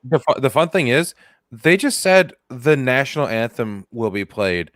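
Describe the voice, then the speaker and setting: A man's voice: medium pitch, very animated, normal speed, fairly bright tone, no echo, studio quality. A man co-hosting a comedy podcast, chatting casually and sarcastically, with jokey mock-formal reading and swearing. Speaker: podcast co-host.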